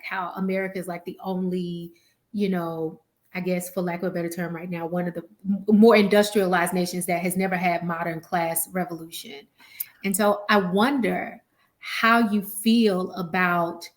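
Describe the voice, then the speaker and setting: A woman co-hosting a podcast interview, asking a guest long, conversational questions. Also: fairly low pitch. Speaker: podcast co-host.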